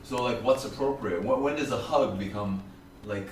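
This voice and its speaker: A man's voice: medium pitch, moderate pace. A man co-hosting a casual political podcast, thoughtfully raising questions and tangents. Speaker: podcast co-host. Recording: echoey, distant mic with clear background noise.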